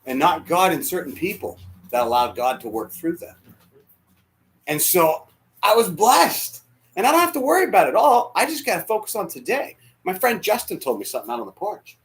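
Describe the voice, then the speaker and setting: A man preaching a sermon as pastor, emotional, dropping to near whispers and rising to shouts. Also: high-pitched, very animated, normal speed. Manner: emotional, swings from hushed to shouting. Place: church sanctuary.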